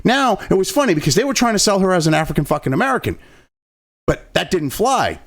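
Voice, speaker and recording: A man's voice: high voice, big pitch swings, fast talker, a bit bright. A man hosting his own channel, delivering a crude, sarcastic political rant full of swearing. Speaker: host of a political commentary channel.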